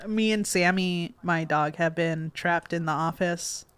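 A woman's voice: lowish voice, a little slow, a bit bright, smooth, no echo. A woman co-hosting a podcast in casual chat, hesitant, with many fillers and restarts. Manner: hesitant, many ums and restarts, laughs easily. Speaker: podcast co-host.

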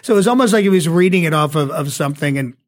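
A man, an actor and impressionist, chatting animatedly as a radio guest, with a slight speech impediment. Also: fairly high pitch. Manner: animated, acts out voices, quick asides. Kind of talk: casual chat.

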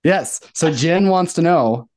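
A man's voice: on the high side, expressive, slow. A man hosts a casual podcast with a mid-range voice. He asks questions in a playful, joking manner. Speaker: podcast host.

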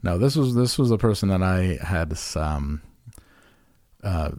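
Low-voiced rambling man in a dry room. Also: expressive, measured pace, warm tone, no echo. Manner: rambling, self-deprecating, restarts often. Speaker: podcast co-host. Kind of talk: casual chat.

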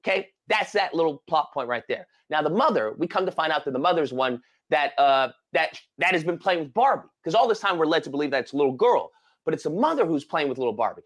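A man co-hosting a podcast, retelling a movie plot in casual chat with animated, dramatic exclamations. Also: on the high side, fast talker. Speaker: podcast co-host.

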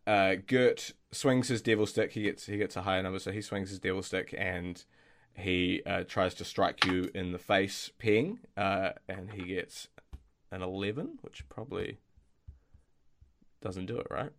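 Low-voiced man running a tabletop game. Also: measured pace. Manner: hesitant, many fillers and restarts. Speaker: game master.

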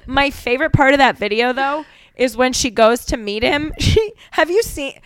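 A woman's voice: high voice, lively intonation, moderate pace, no room sound, rough recording. A young woman chatting as a podcast guest, enthusiastic and giggly, sometimes reading lyrics with a sing-song flair. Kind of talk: casual chat, playful lyrics reading.

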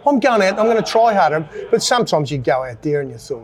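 A man's voice: fairly high pitch, animated, brisk, hardly any pauses. An older Australian man and former cricketer telling self-mocking stories in a casual interview. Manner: anecdotal, self-mocking, laughs at own stories.

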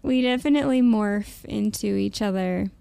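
Mellow smooth-voiced woman host. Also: medium pitch, normal speed, no echo. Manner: warm, affirming interviewer. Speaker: podcast host. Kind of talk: casual interview.

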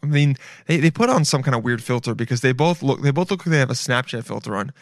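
A man's voice: mid-range voice, lively intonation, fast talker, no room sound, studio quality. A man hosting a podcast, riffing in casual comedic commentary, rambling, swearing and calling the listeners "dude". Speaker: podcast host.

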